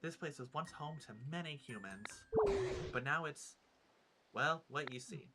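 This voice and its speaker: A man's voice: a little high, expressive, measured pace, heavy background noise, voice pushed up. A man voicing a courteous, curious Pokemon in quaint, polite phrasing. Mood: solemn. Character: genteel old-fashioned Pokemon, courteous and curious.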